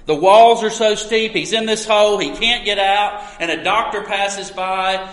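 A man preaching a sermon as pastor, earnest and storytelling, with emphatic pauses. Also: high voice, a bit bright. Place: church sanctuary. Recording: echoey hall with long reverb.

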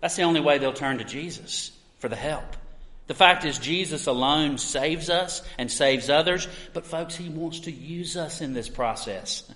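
Animated preaching man in an echoey hall. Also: on the high side, moderate pace. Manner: animated preaching, swings between loud and hushed. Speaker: pastor. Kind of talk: sermon.

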